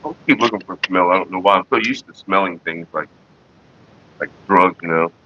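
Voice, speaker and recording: A middle-aged man hosting a casual livestream, talking in a rambling, profane way with animated retellings. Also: sits low, fairly quick, lo-fi sound, slight background noise. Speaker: livestream host.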